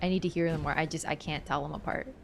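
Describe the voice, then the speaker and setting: A woman's voice: low voice, fairly even intonation, fast talker, vocal fry, a little hiss or hum. A woman streaming a game, talking casually through its lore, thinking aloud and answering her chat. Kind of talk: casual livestream lore commentary.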